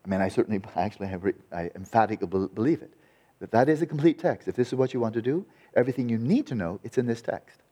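A man teaching Buddhist meditation in a dharma talk, lively and wry, with a sarcastic edge and frequent restarts. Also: lowish voice, quick pace.

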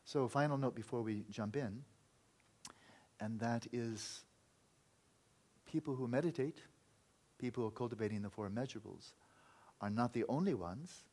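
A man's voice: mid-range voice, normal speed, pauses often, warm tone, husky. A man teaching meditation in an earnest, reflective Buddhist talk, sometimes acting out inner voices.

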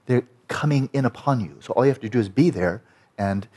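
Guy teaching meditation, gentle and chatty, repeats stuff softly, mid-pitched voice. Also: lively intonation, a little fast, husky. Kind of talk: guided meditation instruction.

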